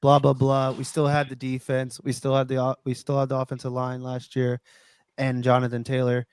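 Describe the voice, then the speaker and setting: A man rants through casual sports chat on a podcast, swearing freely and restarting his sentences as he goes. His voice sits at an ordinary pitch. The sound is dry and close, with no room around it. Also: monotone, fairly quick, clean tone, no room sound. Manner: ranting, swears, stumbles and restarts. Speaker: podcast co-host.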